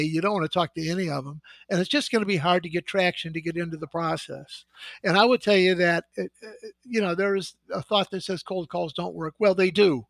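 A middle-aged man with a high, gravelly voice, recorded close and dry. He spins sales war stories and acts out the dialogue with relish. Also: dry recording. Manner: animated anecdotal storyteller, acts out dialogue. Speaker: sales executive guest. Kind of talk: storytelling in podcast conversation.

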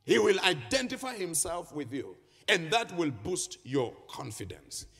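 High, lively preaching man in a hall. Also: gravelly, husky. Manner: animated preaching, sing-song emphasis. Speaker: pastor. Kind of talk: sermon. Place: church hall. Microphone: handheld microphone. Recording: echoing hall reverb.

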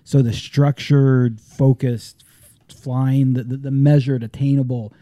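A man's voice: medium pitch, unhurried, no echo. A man in casual podcast chat, talking animatedly and swearing freely. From not from Texas, lives in Texas. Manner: animated, swears, slips into a put-on drawl when excited.

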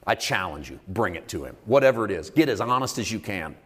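A man preaching a sermon to a congregation that answers him, moving from calm storytelling to loud, emphatic climaxes. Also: lowish voice, fast, breathy edge. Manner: preaching with congregation call and response. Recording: long reverb of a large hall.

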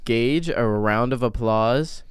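A man's voice: medium pitch, slow pace, clear, resonant tone, dry recording. A man hosting a casual podcast, rambling and joking as he stumbles over his words. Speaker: podcast host.

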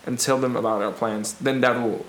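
A man's voice: medium pitch, fairly even intonation, brisk, a bit bright, echoey room. A man playing a tabletop game, talking through plans in a thoughtful, casual way. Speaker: player.

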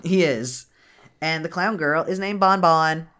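A woman co-hosting a podcast casually recaps a movie plot, laughing and swearing along the way. Her voice sits low and a bit bright, a little slow.

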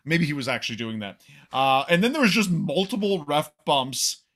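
A man co-hosting a casual wrestling recap podcast, animated and swearing freely as he acts out what people said. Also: fairly high pitch, normal speed. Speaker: podcast co-host.

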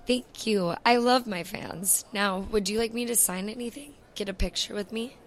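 A woman playing a cheery sales-pitch starlet. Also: normal speed, natural voice. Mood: salesy. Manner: bright salesy delivery. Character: cheery female adult star pitching a product. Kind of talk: comedy ad sketch.

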